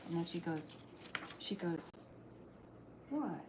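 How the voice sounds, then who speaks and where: Soft-spoken woman streaming her cartooning. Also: lowish voice, a little slow. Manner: soft-spoken, musing aloud, drifting into whispers. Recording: noisy background hiss.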